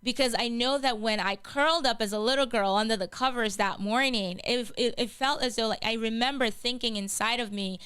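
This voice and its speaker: A woman's voice: fairly high pitch, moderate pace, few pauses, sharp tone, clear, resonant tone, no echo. A woman hosting a faith talk show, earnestly sharing a personal testimony and often repeating and restarting her words. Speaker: host.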